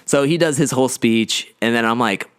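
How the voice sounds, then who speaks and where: Smooth-voiced young man rambling casually. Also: mid-range voice, moderate pace, fairly bright tone, no room sound. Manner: rambling, heavy use of "like", fumbles words. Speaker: podcast co-host. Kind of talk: casual storytelling.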